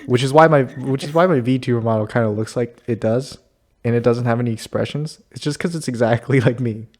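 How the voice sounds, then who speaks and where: A man's voice: mid-range voice, fairly quick, darkish tone. A man hosting a casual chat with a friend, easygoing and laughing often. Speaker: host.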